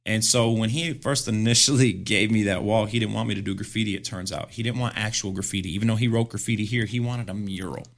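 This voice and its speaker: A middle-aged man telling a story as a podcast guest in casual chat, animated and full of fillers, laughing often. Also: fairly low pitch, fast talker, few pauses. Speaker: podcast guest, graffiti artist.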